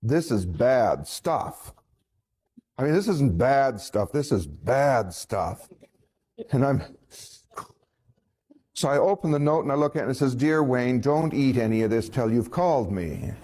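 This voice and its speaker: A man's voice: medium pitch, moderate pace. Guy telling a story from his own life, chuckles a lot, does little voices for the others. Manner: folksy, chuckling, quoting others in lively voices.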